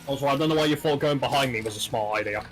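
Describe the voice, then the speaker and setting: A man's voice: mid-range voice, rapid-fire, faint music behind. A man in casual gaming voice chat, bluntly pointing out a teammate's mistakes.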